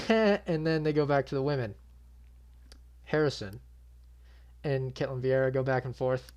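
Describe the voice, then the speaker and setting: A man's voice: mid-range voice, steady tone, measured pace, darkish tone. Young man ranting casually about fights. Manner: blunt and swearing, frequently exasperated. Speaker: MMA channel host. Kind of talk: casual reaction commentary.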